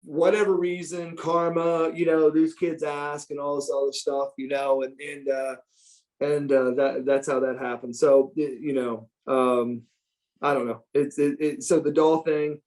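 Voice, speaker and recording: Animated middle-aged man telling stories. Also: fairly high pitch. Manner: animated, profane, frequent restarts. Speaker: interview guest. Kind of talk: casual storytelling.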